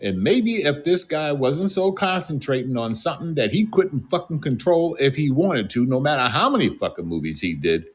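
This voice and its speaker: A man's voice: fairly high pitch, sing-song, moderate pace, hardly any pauses. A man from the United States on an angry, scolding, profane rant.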